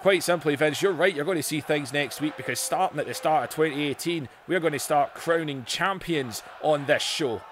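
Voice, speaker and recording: A man doing a gruff, blunt wrestling enforcer. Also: fairly high pitch, normal speed, hardly any pauses, background noise, lightly acted. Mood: defiant.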